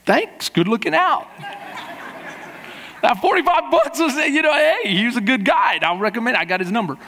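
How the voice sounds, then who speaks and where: High-voiced pastor telling a joking story. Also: male voice, normal speed, slight background noise. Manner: lively, joking storyteller acting out quotes. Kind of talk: sermon with a humorous travel story. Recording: long hall reverb in a church.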